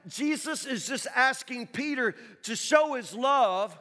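A man's voice: very high voice, lively intonation, takes it slowly, bright, forceful tone. A man preaching a sermon in a conversational, questioning way, repeating his points for emphasis. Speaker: pastor. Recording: long reverb of a large hall.

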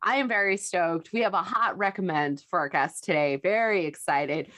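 A woman co-hosting a podcast, bubbly and excitable, rambling with lots of fillers. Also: fairly low pitch, moderate pace, no room sound, clean studio sound. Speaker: podcast co-host. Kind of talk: casual podcast banter.

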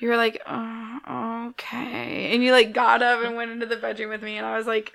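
A young woman co-hosts a podcast, telling animated stories in casual chat, acting out the people she quotes and laughing often. Her voice is a little high and gravelly, and she talks at a racing pace with a crowd in the background.

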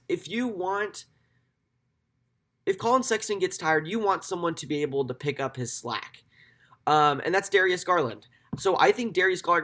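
Man, slightly high-pitched, casual sports commentator; chatty and loose, lots of ums, corrects himself as he goes. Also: fairly bright tone. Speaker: basketball draft analyst.

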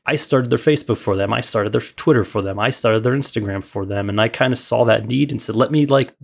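A man's voice: mid-range voice, a little fast, gravelly, husky. A man from Illinois telling a long, rambling story as a podcast guest, full of fillers and restarts. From Illinois, USA. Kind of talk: casual storytelling.

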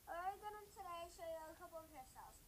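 A woman's voice: extremely high pitch, expressive, fast talker, a little hiss or hum, poor audio. A young girl presenting a hair tutorial in a home video, hesitant with many ums.

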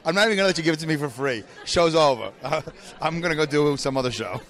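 Fast-talking joking podcast host. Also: male voice, fairly high pitch, a bit bright. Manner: joking, teasing, self-mocking. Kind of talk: casual chat. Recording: crowd noise behind.

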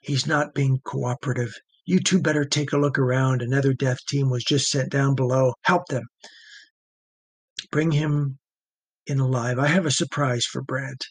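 A man's voice: medium pitch, fairly even intonation, dry recording, natural voice. Man playing a whispering sadistic torturer. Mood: commanding. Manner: quiet, whispering, slow and menacing. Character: small sadistic male psychopath interrogator.

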